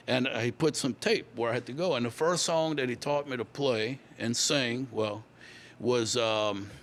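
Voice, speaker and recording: Rambling older man from Louisiana. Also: medium pitch. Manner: rambling, unhurried, many fillers. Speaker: guest musician. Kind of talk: relaxed interview storytelling.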